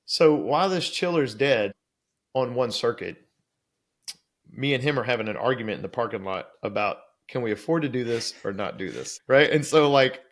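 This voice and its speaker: Man, middle-aged, gravelly fry, middle pitch, lively interview storyteller. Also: normal speed. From Louisiana, USA. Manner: lively storyteller acting out quoted dialogue. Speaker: guest.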